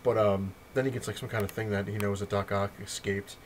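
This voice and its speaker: A man with a fairly low voice talks in a loose, casual vlog manner. He rambles, corrects himself mid-sentence and swears freely as he recaps comics. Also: fairly even intonation, a little fast, slight background noise. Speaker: comic collector reviewing his haul.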